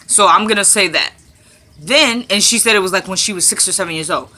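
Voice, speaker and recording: Woman vlogger, very bright tone, mid pitch, chatty casual recapper who repeats lines for emphasis. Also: a little fast.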